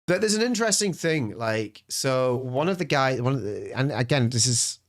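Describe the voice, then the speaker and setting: A podcast co-host chats casually in a podcast studio, ranting and repeating his words as he goes. His mid-range voice is animated, at normal speed, with no room sound.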